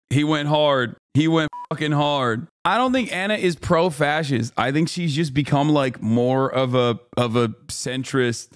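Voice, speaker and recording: A man's voice: mid-range voice, clean tone. A man in his thirties giving casual reaction commentary on a stream, emphatic and incredulous, swearing heavily.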